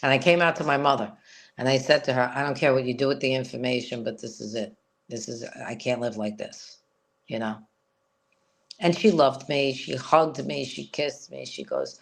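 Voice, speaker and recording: A woman's voice: a bass voice, moderate pace, vocal fry. A woman as an interview guest, telling a personal story in a frank, rambling way with lots of "you know.".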